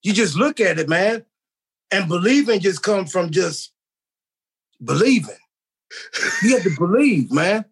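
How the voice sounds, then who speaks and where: A middle-aged man chats as a podcast guest, his voice set fairly high. He rambles in a slangy, earnest way. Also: expressive, a little slow, long pauses, breathy edge. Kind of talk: casual chat.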